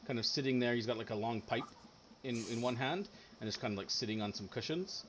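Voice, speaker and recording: A man's voice: medium pitch, fairly quick, fairly bright tone, slight background noise. A man narrating a tabletop game as game master, rambling with lots of ums and likes.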